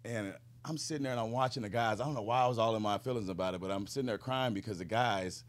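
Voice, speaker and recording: A man's voice: on the low side, fast. A man in his thirties, a retired football player, chatting as a guest on a podcast, swearing freely and laughing through his stories. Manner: loose storyteller, swears freely, laughs mid-story. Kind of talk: casual podcast conversation.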